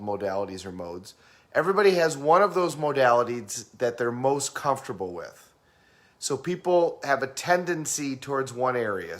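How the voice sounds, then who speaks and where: A man with a mid-range, slightly bright voice gives a casual teaching talk on communication styles. He asks the listener questions and acts out fast and slow talkers.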